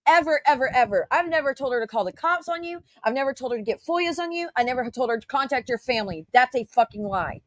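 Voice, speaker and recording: A woman's voice: high-pitched, animated, no echo. Heated, defensive woman ranting to camera. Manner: defensive and confrontational, swearing, rapid rhetorical questions. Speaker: YouTube commentator. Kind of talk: heated reaction rant.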